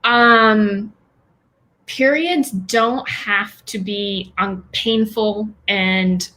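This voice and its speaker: A woman talks through a casual interview at an unhurried, deliberate pace. She hesitates, restarts her phrases and laughs lightly between thoughts. Her voice sits in an ordinary middle register. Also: mid-range voice, sharp tone. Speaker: guest, women's health practitioner.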